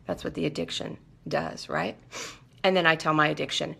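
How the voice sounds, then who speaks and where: A woman's voice: on the low side, fairly quick, gravelly, pushed and bright, husky. A woman hosting a live talk, speaking emphatically and often checking in with her listeners. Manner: emphatic, keeps checking in with okay and right. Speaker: host. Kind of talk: casual live monologue.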